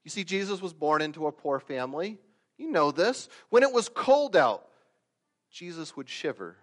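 Animated preacher man, loud peaks and hushes. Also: on the high side, normal speed. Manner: animated, swings from loud emphatic peaks to quiet asides; acts out quoted voices and stories. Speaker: pastor. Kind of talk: sermon.

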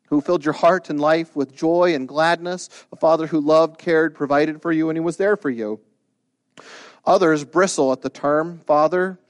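A man preaching a sermon, animated, who acts out the quoted lines with big jumps in his voice. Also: on the high side, clean tone, no echo, clean studio sound. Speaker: pastor.

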